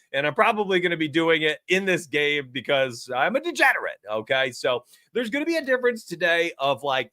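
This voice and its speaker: An excitable man hosting a live sports betting show, talking straight to his chat with lots of hype. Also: a little high, no room sound, studio quality. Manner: excitable, hype-driven, addresses chat directly. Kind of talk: energetic live-stream betting talk.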